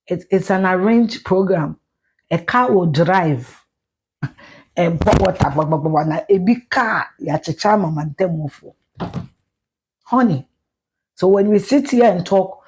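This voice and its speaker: This social media commentator is a middle-aged Ghanaian-accented woman whose lowish, darkish, slightly rough voice carries a blunt, profane live-stream rant. She switches back and forth between Twi and English.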